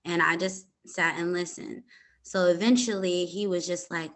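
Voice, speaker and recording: A young adult woman, a podcast host, calmly retelling a personal story with hesitant pauses and many fillers. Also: on the low side, vocal fry.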